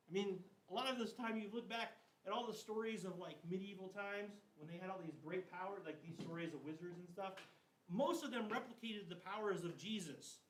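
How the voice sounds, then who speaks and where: In an echoey room picked up by a distant mic with faint hiss, a man speaks a little fast in a high-pitched voice. He's teaching confirmation class, spinning Bible stories in a loose, chatty way crammed with slang and "like."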